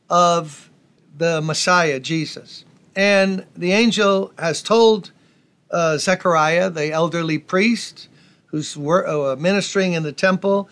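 A male pastor delivering a sermon in a notably high voice. He preaches with folksy energy and breaks off for asides to the congregation. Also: fairly bright tone.

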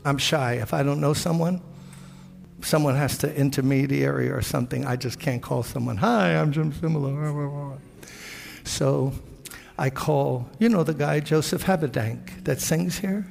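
A man's voice: mid-range voice, normal speed, creaky, darkish tone, long reverb tail. An older man, a pastor, preaching a sermon with earnest storytelling, quoting prayers and conversations.

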